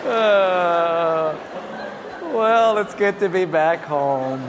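Animated pastor in a reverberant church. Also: male voice, high voice, very slow, background noise. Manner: animated storytelling with acted-out quotes and laughter. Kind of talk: sermon. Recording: long hall reverb with faint ambience.

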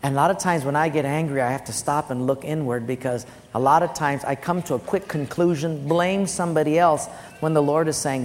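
A man preaching as a pastor, telling personal stories in an animated way and loudly acting out the voices in them. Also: on the high side, fairly quick. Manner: animated storytelling with loud acted quotes. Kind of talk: sermon. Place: church sanctuary. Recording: long church-hall reverb, faint music.

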